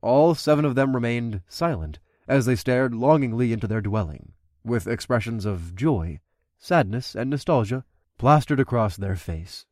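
A man's voice: medium pitch, expressive, normal speed, darkish tone, dry recording, clean studio sound. A man narrating an adult fantasy audiobook, doing the main character's dialogue himself.

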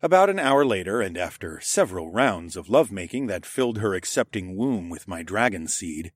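Low-voiced male audiobook narrator. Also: sing-song, fairly quick, no echo. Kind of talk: scripted first-person narration.

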